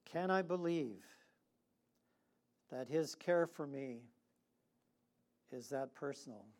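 A man preaching a sermon slowly and deliberately, with long dramatic pauses, and leading the congregation to repeat lines after him. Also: medium pitch, darkish tone. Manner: leads the congregation in responsive reading.

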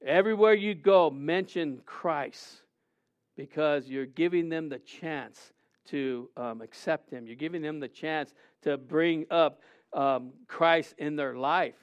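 A man preaching a sermon, animated and conversational, often acting out quotes in a raised voice. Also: on the high side, slow pace. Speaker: pastor. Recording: dull lo-fi sound.

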